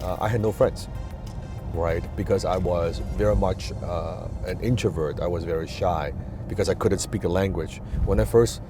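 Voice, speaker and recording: A man's voice: low-pitched, moderate pace, music in the background. A man with a non-native English accent gives an emphatic motivational talk, repeating key words and asking rhetorical questions. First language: not English. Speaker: business and communication coach.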